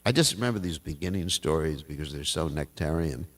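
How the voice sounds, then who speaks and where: A man's voice: rumbling low, lively intonation, brisk, recorded from a distance. An older man telling scripture stories in a folksy way, chuckling often as he speaks. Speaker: class speaker. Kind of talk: storytelling scripture class. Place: temple hall.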